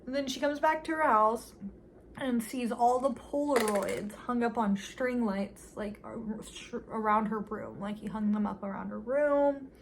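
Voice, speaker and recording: A woman with a somewhat high voice runs through a movie's plot in a loose, chatty recap. She leans on fillers and drops dry little asides as she goes. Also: measured pace, vocal fry, a little hiss or hum. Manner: chatty, filler-heavy storytelling, wry asides. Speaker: movie reviewer. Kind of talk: casual movie recap commentary.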